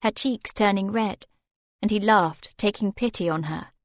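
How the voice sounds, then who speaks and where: A woman narrating an audiobook in a measured, expressive manner. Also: medium pitch, dry recording. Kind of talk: scripted narration.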